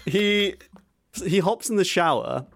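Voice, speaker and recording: Male podcast host, mid-range voice, loose and rambling, laughing while he talks. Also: mid-range voice. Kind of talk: casual chat recapping a film.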